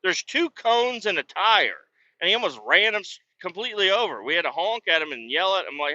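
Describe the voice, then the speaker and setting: Bright-voiced man ranting with heavy profanity. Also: high voice, very animated, a little fast, dry recording. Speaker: podcast host. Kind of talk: casual storytelling. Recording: dull lo-fi podcast audio.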